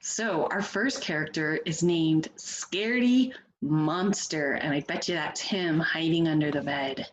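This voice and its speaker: With a low-pitched, unhurried voice and hardly any pauses, a teacher reads a picture book to first graders, encouraging them through expressive questions. The sound is lo-fi.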